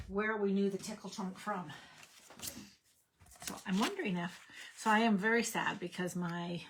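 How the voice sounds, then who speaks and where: A woman's voice: medium pitch, slight background noise. A woman hosting a card-making livestream, thinking aloud in a loose, meandering way. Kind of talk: casual crafting livestream chat.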